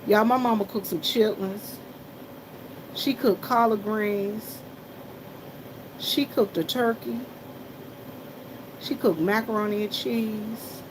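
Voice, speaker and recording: A woman's voice: mid-range voice, takes it slowly, pauses often, noisy background. A woman, chatting casually to viewers as she tells stories and greets commenters during her gas station shift. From South Carolina.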